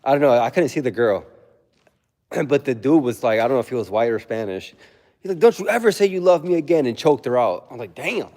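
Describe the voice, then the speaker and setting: A man's voice: medium pitch, lively intonation, fairly quick, a little mellow, big-room sound. Casual young man telling a story. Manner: laid-back storytelling, acts out quotes, laughs often. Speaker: livestreamer. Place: home.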